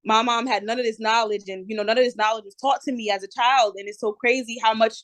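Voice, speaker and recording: Woman in her twenties, New Jersey accent, chatty, lively storyteller, podcast guest, dry sound. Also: a little high, fast, dry recording. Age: 20s. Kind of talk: casual interview.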